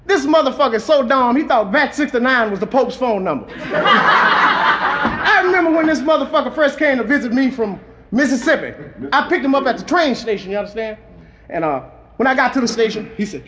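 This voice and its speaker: A man's voice: extremely high pitch, animated, fairly quick, pushed and bright, a little hiss or hum. A man doing a raunchy stand-up routine, telling crude jokes and a rhyming jungle toast on an old live recording. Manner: bawdy storytelling with crude punchlines. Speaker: stand-up comedian. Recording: old live club recording, audience laughter audible. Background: audience laughter.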